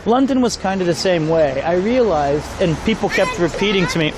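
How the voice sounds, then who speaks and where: This streamer's voice sits high and sounds animated as he talks fairly quickly, a crowd audible behind him. Strolling around town outdoors, he rambles on and trades jokes with his live-stream chat.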